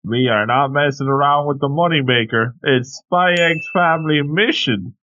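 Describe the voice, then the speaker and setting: A man's voice: a little high, normal speed, sharp tone. A man co-hosting a podcast, dropping short joking interjections in casual banter. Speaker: podcast co-host. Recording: slightly dull lo-fi mic.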